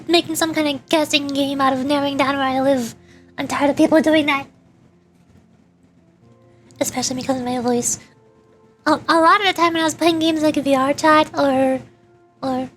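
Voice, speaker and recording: A woman streamer chatting casually with her viewers, talkative and often stumbling over repeated words. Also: sits high. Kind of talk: casual live-stream chat.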